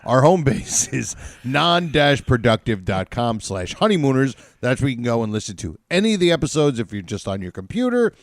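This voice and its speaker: A middle-aged man hosting a podcast, reading plugs in a lively, jokey way. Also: mid-range voice, fairly quick, few pauses, no echo, clean studio sound. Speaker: podcast host. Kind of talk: casual podcast chat.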